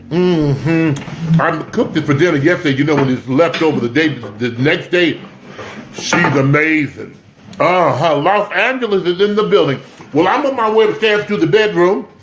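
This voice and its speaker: High-voiced chatty man hosting a livestream. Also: a little hiss or hum. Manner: chatty, shouts out viewers, urges sharing. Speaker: livestream host. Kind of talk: casual livestream chat. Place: home, indoors.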